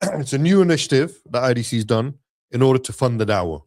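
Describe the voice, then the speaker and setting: A man co-hosting an Islamic live stream in casual chat, giving upbeat sponsor shout-outs. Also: medium pitch, animated, fast talker.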